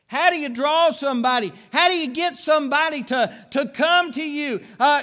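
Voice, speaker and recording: Preacher, high-pitched male voice, homespun stories building to fervent preaching, reverberant hall. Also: normal speed, few pauses, bright, forceful tone. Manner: folksy storytelling, rising to fervent preaching. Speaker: pastor. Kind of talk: sermon.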